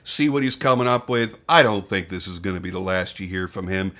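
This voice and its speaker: Low-pitched yet fairly bright, this older man talks briskly while giving a knife an informal review. His opinions are blunt and unscripted, peppered with swearing and restarts as he works through his thoughts.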